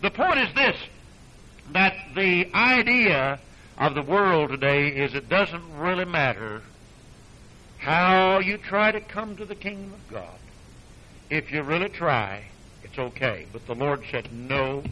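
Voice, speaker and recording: A male Baptist preacher delivers his sermon in a high, sharply bright voice. He hammers his points with emphasis, then drops into low, folksy asides. His storytelling carries a dry, sarcastic edge. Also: animated, takes it slowly, rough recording. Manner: emphatic, swings from loud declarations to low asides.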